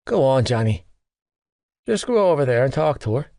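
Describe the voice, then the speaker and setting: A man's voice: medium pitch, sing-song, moderate pace, warm tone, no echo, clean studio sound. A man voicing a teasing, dramatic teenage schoolboy best friend in an audiobook. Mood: coaxing. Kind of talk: audiobook character voice.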